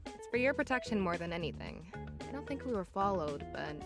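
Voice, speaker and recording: A woman voicing a confident young female superhero in power armor, speaking calmly and reassuringly. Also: mid-range voice, a little fast. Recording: game voice line over music.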